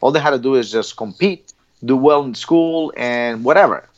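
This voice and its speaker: A man's voice: medium pitch, moderate pace. A middle-aged man from Colombia with a Colombian accent, speaking bluntly as an interview guest, swearing freely and often restarting his sentences. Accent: Colombian Spanish. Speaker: guest, former Olympic athlete. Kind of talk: casual interview talk. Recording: dull lo-fi sound.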